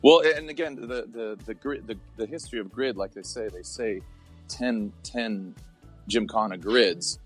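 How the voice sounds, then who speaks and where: A man's voice: fairly low pitch, normal speed, soft background music. A man in his forties, a motorsport announcer chatting as a podcast guest, rambling and restarting his sentences with plenty of jokes. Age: 40s. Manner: rambling, self-interrupting, joking. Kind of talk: casual chat.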